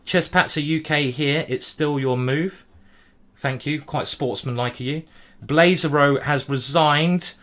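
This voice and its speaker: A man streaming a simultaneous chess display, thinking aloud move by move in a hurried way and humming as he ponders. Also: a little high, a bit bright. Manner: hurried, juggling many boards. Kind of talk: live-stream chess commentary.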